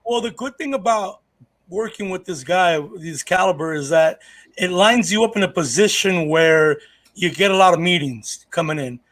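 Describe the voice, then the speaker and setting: A man with a fairly high voice talks shop on a comedy podcast. He reflects on acting and offers advice in a casual, conversational way. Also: moderate pace, fairly bright tone.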